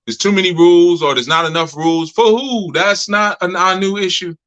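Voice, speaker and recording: A man's voice: high voice, a little fast, fairly bright tone, lo-fi sound. A man giving a casual, story-filled talk to his community, who laughs often and speaks in a loose colloquial way. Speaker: community leader speaking to members.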